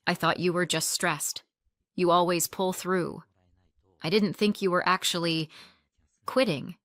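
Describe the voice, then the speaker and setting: A woman's voice: lowish voice, steady tone, a little slow, fairly bright tone, no echo, studio quality. A woman doing a syrupy, snappish sister. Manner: syrupy, then defensive and snappish. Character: manipulative, sugary sister turning sharp.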